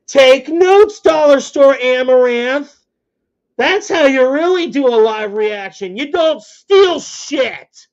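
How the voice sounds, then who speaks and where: Profane, excitable solo podcast host. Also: medium pitch, dull audio. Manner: stumbles over words. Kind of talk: solo podcast rant and sports rundown.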